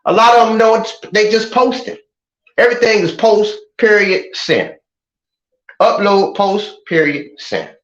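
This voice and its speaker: A man talking as a guest in a casual talk-show discussion, animated and streetwise, repeating words as he searches for them. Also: high-pitched, a little slow, echoey room, lo-fi sound.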